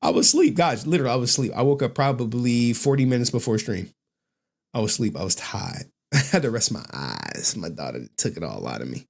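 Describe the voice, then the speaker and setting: A male streamer rambles through casual live chat. His pitch is mid-range but very lively, and he breaks into laughter often. The delivery is loose and animated. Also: fairly quick, gravelly. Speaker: streamer, host.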